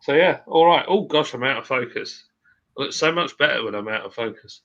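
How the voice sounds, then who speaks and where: A man's voice: medium pitch, expressive, fairly quick, a bit bright, highs cut off. A man hosting a casual live stream, chatting with a friend, joking and reading out viewer comments. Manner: chatty, jokey, rambling.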